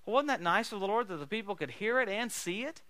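A man preaching with a high, bright, forceful voice, recorded close and dry with hardly any room sound. He tells healing stories in an animated way, laughing along and breaking into loud emphatic bursts. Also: fast, no room sound. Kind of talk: sermon with healing testimonies.

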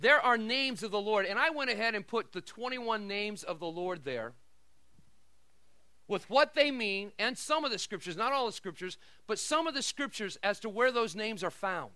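A middle-aged man preaching a sermon as pastor, telling stories with animated swings between shouted lines and quiet asides. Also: sits high, moderate pace, no room sound.

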